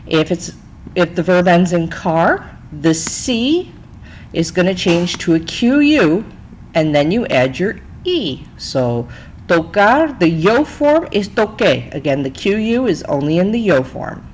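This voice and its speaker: A woman's voice: lowish voice, big pitch swings, takes it slowly, a little hiss or hum, low-quality recording. A woman Spanish teacher narrating a recorded slide lesson, chatty, explaining step by step and checking in with "okay?".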